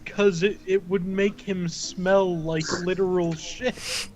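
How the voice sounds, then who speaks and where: A man's voice: sits high, fairly even intonation, slow pace, dull audio, music in the background. A man playing a tabletop game, blunt and swearing casually. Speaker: player.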